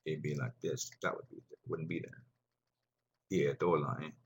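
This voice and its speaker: Male language teacher, deep and heavily husky voice, patient and repetitive classroom delivery. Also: fairly even intonation, measured pace. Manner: rambling, patient, repeats words for students. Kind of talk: classroom lesson explanation.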